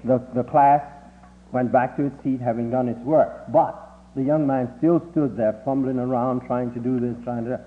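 An older man recalling childhood memories in a halting way, with many filler sounds, lifting his voice when he quotes people. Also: fairly even intonation. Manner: halting, with frequent 'uh' fillers; acts out quoted voices with rising pitch. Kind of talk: oral history reminiscence. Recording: tinny lo-fi recording with faint hum.

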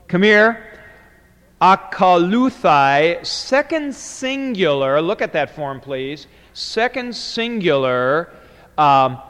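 Slow, deliberate man lecturing in a reverberant hall. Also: on the high side, a bit bright. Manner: deliberate, parsing words aloud, often slowing to spell things out. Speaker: Greek New Testament teacher. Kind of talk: classroom lecture on Greek grammar.

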